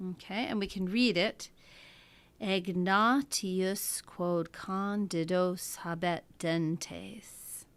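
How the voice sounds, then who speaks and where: A woman's voice: medium pitch, creaky, dry recording. A woman teaching a lesson, talking methodically through each step. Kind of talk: classroom lecture.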